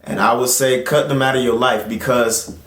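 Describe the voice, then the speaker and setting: A man's voice: steady tone, normal speed, a bit bright. Man preaching in an echoey room. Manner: rises in pitch to act out crowd voices; conversational, with fillers and restarts. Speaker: host and preacher. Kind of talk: casual sermon with scripture reading.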